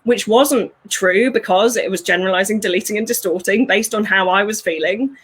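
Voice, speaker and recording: A woman, working as a fulfillment coach, talks through ideas in an animated way, laughing often and acting out voices. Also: mid-range voice, brisk, husky. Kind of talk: conversational interview.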